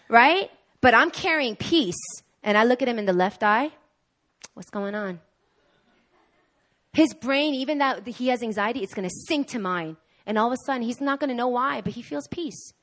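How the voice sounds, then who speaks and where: A woman with a somewhat high voice gives a sermon at a church service. She preaches in a lively, animated way and acts out the voices of the people she quotes. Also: moderate pace. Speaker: guest preacher.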